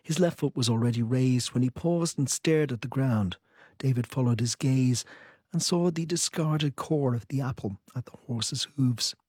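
Husky-voiced man reading his own book. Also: medium pitch, a little mellow, no room sound. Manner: thoughtful, measured. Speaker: author. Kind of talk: interview answers and reading aloud from his book.

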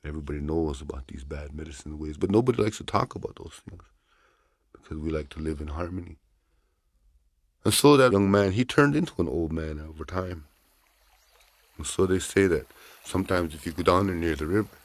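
A man telling a traditional folk tale aloud in an unhurried, repetitive storytelling manner. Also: low-pitched, no room sound. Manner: unhurried, repeats phrases, talks to listeners.

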